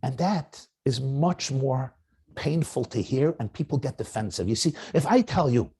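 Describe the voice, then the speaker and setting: A middle-aged rabbi lecturing on marriage, with a gravelly, husky voice. He talks in an animated way, swinging widely up and down in pitch. He slips into voices when he acts out what spouses say. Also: moderate pace. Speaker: rabbi giving marriage guidance. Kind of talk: lecture to young married men.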